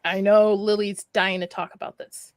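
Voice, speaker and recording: A woman's voice: mid-range voice, level tone, moderate pace, no room sound, studio quality. A chatty woman hosting a casual live stream, laughing as she talks and getting over a flu. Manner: chatty, laughs between words. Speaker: stream host.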